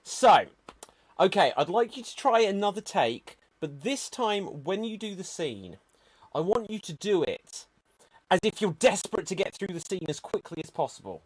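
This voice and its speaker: Speaking at a normal pace in a high, sing-song voice, a man takes on the role of a fed-up, domineering director in improv comedy. He dramatically stops and restarts scenes, shouting "cut" and "action".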